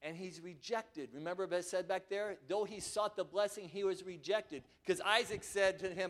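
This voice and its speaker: A man preaching a sermon, acting out scripture voices and swinging from quiet asides to loud, dramatic passages. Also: high voice, moderate pace, few pauses.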